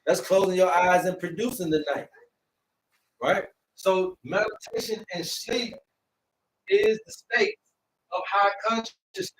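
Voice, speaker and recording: A man with a high voice lectures his live-stream audience, preachy and repetitive, slowing right down to hammer his points home. He sits a little back from the mic, and faint noise hums underneath. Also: animated, recorded from a distance, rough recording. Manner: preachy and repetitive, drawing out words slowly for emphasis. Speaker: herbalist host of a live stream.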